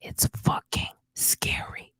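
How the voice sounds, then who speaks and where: A woman host giving whispered news commentary in a husky whisper, animated and profane, repeating herself for emphasis. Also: slow, no room sound. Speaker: channel host.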